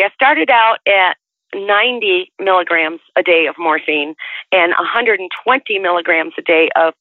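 A woman in her sixties tells her life story over the telephone, chatty and rambling and often restarting her sentences. Her voice comes through a tinny, narrow phone line with a dry, close sound and no room echo. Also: on the low side. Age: 60s. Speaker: interviewee.

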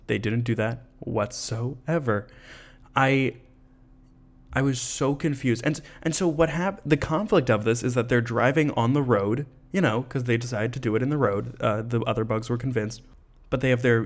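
A man hosting a podcast, chatting casually and laughing as he retells a story with animated asides. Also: mid-range voice. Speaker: podcast host.

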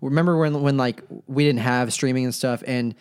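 A man hosting a podcast in relaxed casual chat. He rambles enthusiastically, full of fillers and restarts. His voice sits at an ordinary middle pitch. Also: moderate pace, clear, resonant tone. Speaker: podcast host.

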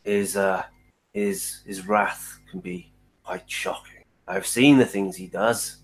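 A man's voice: lowish voice, lively intonation, slow pace, a little hiss or hum, low-quality recording. A man putting on a grumbling, superstitious old traveller. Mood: ominous. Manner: grumbling, muttering, ominous warnings. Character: grumpy superstitious male traveller.

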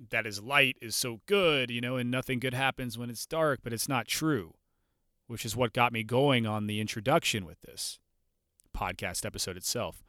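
A man hosting a podcast, telling a story in a loose, animated way and now and then acting out the people in it. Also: mid-range voice, dry recording, clean studio sound. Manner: warm, animated, loose and profane, mimics voices in anecdotes. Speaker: podcast host. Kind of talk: casual storytelling monologue.

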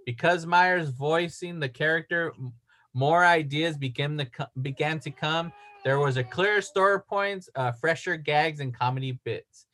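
A man's voice: fairly high pitch, moderate pace, a bit bright. A man co-hosting a podcast, talking in casual chat and rambling with many restarts while he reads facts aloud. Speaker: podcast co-host.

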